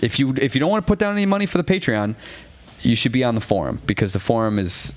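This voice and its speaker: A male podcast host chats casually at a live show. His mid-pitched voice is upbeat and talkative, and he often corrects himself mid-sentence. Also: very animated, fast talker. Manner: chatty, upbeat, self-correcting.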